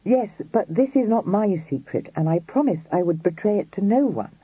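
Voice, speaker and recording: A man's voice: sits high, animated, moderate pace, breathy edge, dry recording, pitched above the performer's own voice. A man voicing an earnest, impulsive young Regency lady who talks in a breathless, pleading way in an audiobook. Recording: dry, dull lo-fi recording.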